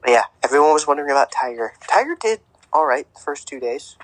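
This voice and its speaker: A man's voice: on the high side, sing-song, quick pace, no echo, low-quality recording. A young man co-hosting a podcast, chatting casually about sports with a rambling, filler-heavy way of talking. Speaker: podcast co-host.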